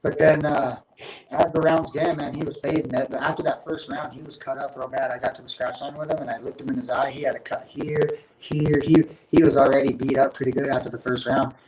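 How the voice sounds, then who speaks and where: A man's voice: mid-range voice, flat delivery, a little fast, crowd noise, poor audio. A man in his thirties, a guest fighter in a casual interview, talking in long rambling runs with many restarts.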